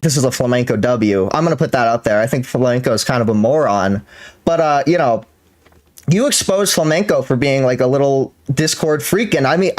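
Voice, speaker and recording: A man hosting a live stream, arguing in disbelief, swearing freely and leaning on fillers as he pushes his questions. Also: medium pitch. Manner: incredulous and profane, full of fillers and laughs. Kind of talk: heated live-stream argument.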